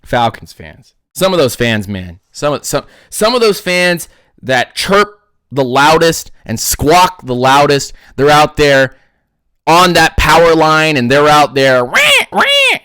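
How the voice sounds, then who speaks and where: Animated ranting sports talk host. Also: male voice, a little high, slow pace, smooth, no echo, clean studio sound. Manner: animated ranting, frequent restarts. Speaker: podcast host. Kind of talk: casual sports commentary.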